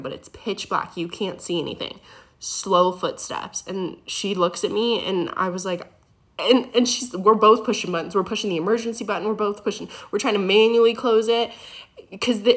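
A young woman, a former EMT, casually telling a true scary story in an animated way, full of "like" fillers. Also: mid-range voice. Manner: animated, heavy use of "like" fillers.

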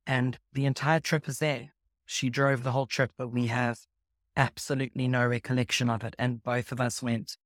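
A man's voice: mid-range voice, little pitch movement, normal speed, fairly bright tone, no echo, clean studio sound. A man, telling a personal story in a matter-of-fact, casual way.

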